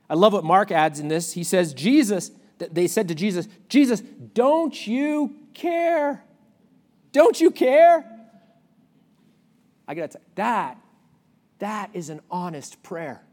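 A man preaching a sermon, asking the listeners questions and swinging between loud outbursts and hushed lines. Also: fairly high pitch. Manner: asks the audience questions. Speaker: pastor.

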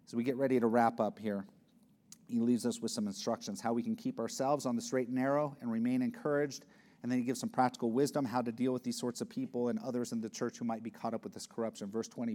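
Male pastor, mid-pitched voice, earnest and conversational sermon delivery. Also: steady tone, fast, warm tone. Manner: earnest, conversational preaching with restarts and sighs.

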